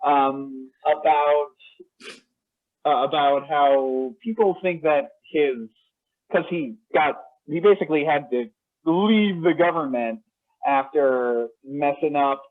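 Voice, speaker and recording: A man's voice: on the high side, takes it slowly. A young man co-hosting a casual podcast, hesitant and talking in restarts and fillers. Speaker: co-host. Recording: tinny phone-like line.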